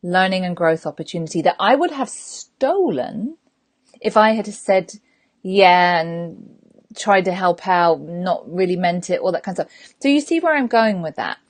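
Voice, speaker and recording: A woman hosts a sobriety coaching podcast and talks straight to her listeners. She is animated and blunt. She brings her points to life by acting out short everyday scenes. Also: on the low side, normal speed. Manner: animated, direct, acts out little scenes. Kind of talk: motivational talk to listeners.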